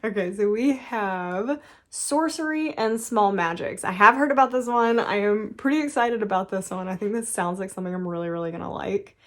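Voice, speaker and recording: A woman in her thirties talks through an unboxing in a relaxed, chatty way. She gushes over what she finds and breaks into quick laughs often. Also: mid-range voice. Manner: gushing, excitable, quick laughs. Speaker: book vlogger. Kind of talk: casual unboxing chat.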